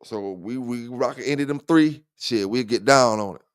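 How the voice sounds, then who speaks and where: A man's voice: mid-range voice, normal speed, clear, resonant tone, dry recording, clean studio sound. A man hosting a livestream dog talk show, chatting loosely with viewers in profane trash talk and laughing often. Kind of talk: casual livestream chat.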